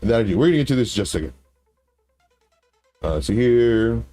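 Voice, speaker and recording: A man's voice: medium pitch, animated, fairly quick, warm tone, soft background music. A man hosting a casual livestream, rambling through stories with many restarts. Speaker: livestream host.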